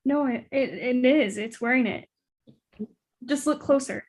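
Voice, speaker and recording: Brief: a woman doing a scared, stammering young heroine, higher voice. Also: measured pace, darkish tone. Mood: distressed. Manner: stammering, anxious. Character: frightened young woman haunted by her lost sister.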